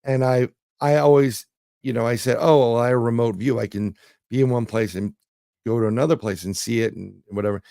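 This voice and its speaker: A man's voice: medium pitch, fairly even intonation, fairly quick, gravelly, warm tone, no echo, studio quality. A man, a guest telling rambling anecdotes in casual conversation, full of fillers and restarts. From New York City. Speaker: guest, remote viewer. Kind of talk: casual interview storytelling.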